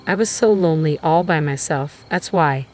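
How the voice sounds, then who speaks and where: A woman voicing a distraught, defensive young mother who pleads and turns shrill when shocked, with music playing underneath. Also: normal speed, darkish tone, close to an everyday voice. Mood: pleading.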